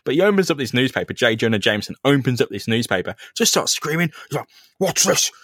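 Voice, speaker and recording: A man's voice: medium pitch, very animated, fast talker, fairly bright tone, dry recording. A man co-hosting a comic book podcast, laughing as he recaps the story into a close microphone. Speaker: podcast co-host. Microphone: close studio mic.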